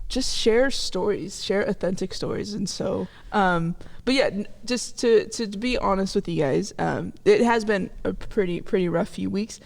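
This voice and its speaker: A woman's voice: mid-range voice, unhurried, gravelly, few pauses, a little mellow. A woman in her twenties from California, co-hosting a podcast and telling a story in a chatty way, often laughing. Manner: chatty, laughing, acts out quoted voices. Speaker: podcast co-host. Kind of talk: casual storytelling chat.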